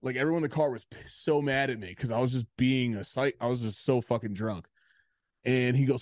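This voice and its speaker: A man's voice: mid-range voice, steady tone, brisk, a little mellow, dry recording, studio quality. A man co-hosting a podcast, telling a story in casual chat, rambling and swearing with lots of "like". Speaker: podcast co-host.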